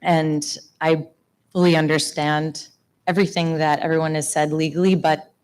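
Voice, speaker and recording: A woman's voice: low voice, level tone, normal speed, a little mellow, smooth. A woman in her thirties from Long Island, New York, speaking earnestly and articulately as a resident at a town hall hearing, into a podium microphone. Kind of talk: public comment at town meeting. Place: town hall meeting room.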